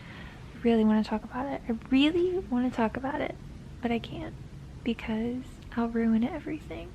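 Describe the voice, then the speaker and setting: A young woman chatting in a casual reading vlog from her bed, dramatic and gushing, often dropping into a hushed half-whisper. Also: on the high side, normal speed, lo-fi sound, slight background noise. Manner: dramatic, gushing, repeats herself. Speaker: book vlogger. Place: bedroom, in bed.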